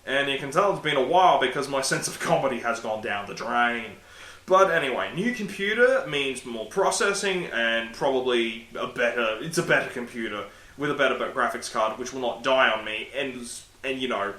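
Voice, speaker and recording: A man's voice: mid-range voice, animated, normal speed, bright, forceful tone, reverberant. A man, vlogging casually to his laptop webcam from a room at home, rambling and self-deprecating with casual swearing. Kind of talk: casual solo vlog to webcam. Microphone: laptop webcam mic.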